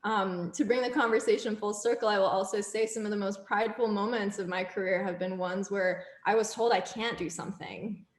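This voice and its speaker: A woman's voice: mid-range voice, fairly even intonation, fairly quick, few pauses. A woman panelist on a video call, talking in an earnest, reflective way. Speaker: panelist, biomedical researcher. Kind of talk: casual panel talk. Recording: roomy webinar audio.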